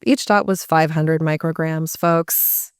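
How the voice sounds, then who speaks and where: Animated storytelling woman, smooth voice. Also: low voice, slow pace, no echo, studio quality. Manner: animated, breaks into voices for quoted people. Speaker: guest speaker. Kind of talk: casual storytelling to a live audience.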